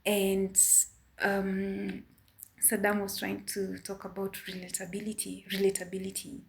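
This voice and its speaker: A woman with a Kenyan accent giving a careful opinion in a casual vlog, measured and a bit apologetic. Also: mid-range voice, monotone, vocal fry, a little hiss or hum. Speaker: vlogger.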